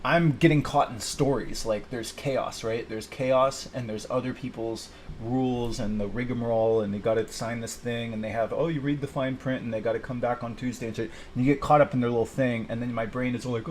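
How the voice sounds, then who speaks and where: A man's voice: mid-range voice, steady tone, a little fast, a little mellow, a little hiss or hum. A man venting in a rambling personal video, frustrated and swearing, talking to himself. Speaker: vlogger.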